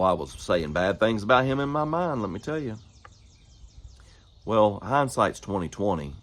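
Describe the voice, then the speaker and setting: A middle-aged preacher with a very low, deep voice speaks in an earnest, folksy way, weaving a personal story into a sermon. His delivery is plain and conversational, like a man talking to his own congregation. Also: fairly bright tone.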